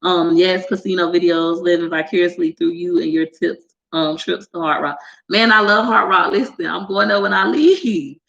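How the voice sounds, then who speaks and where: A woman vlogger telling stories in a casual, animated, slangy way, laughing often. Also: on the low side, normal speed, gravelly, muffled recording. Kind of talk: casual chat. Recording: echoey room.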